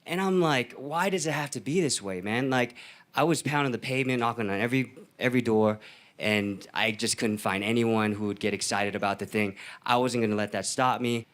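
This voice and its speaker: A man speaks as a guest on a panel, recounting his experiences with earnest emphasis. His voice sits at a middling pitch for a man, and his delivery is steady and heartfelt. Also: brisk. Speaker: filmmaker on a panel. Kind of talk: panel talk.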